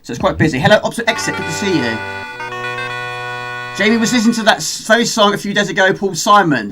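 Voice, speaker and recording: A man's voice: high-pitched, expressive, fast. A middle-aged man chatting casually with his live-stream viewers while he plays, greeting them and reading out their comments. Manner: chatty, reads out viewer chat while gaming. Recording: music playing behind the voice.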